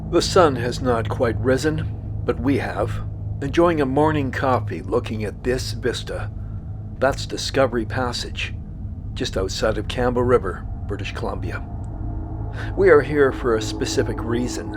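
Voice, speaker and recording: A man hosting and narrating a documentary-style outdoor show in a measured, dramatic storyteller manner. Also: medium pitch, noisy background. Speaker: host.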